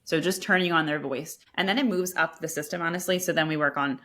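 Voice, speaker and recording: A woman's voice: low-pitched, fast, a bit bright. A woman speech-language pathologist, a podcast guest, explaining her methods at length and restarting sentences with repeated words. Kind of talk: expert explaining in a podcast interview.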